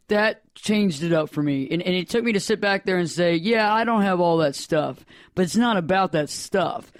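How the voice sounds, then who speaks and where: A man's voice: sits high, no echo. A man hosting a radio talk show, motivational and playful, speaking into a studio microphone. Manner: playful, motivational, jokey asides.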